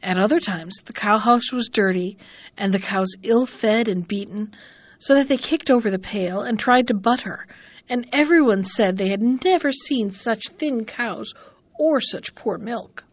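A woman's voice: fairly high pitch, dry recording, muffled recording. Woman reading a fairy tale aloud. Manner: measured, expressive reading. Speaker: narrator. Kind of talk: storybook narration.

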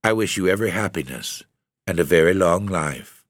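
A man's voice: sits low, expressive, moderate pace, gravelly, no room sound. A man voicing a jealous, bitter young woman in a gothic story reading, with a cutting, passionate manner. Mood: coldly bitter.

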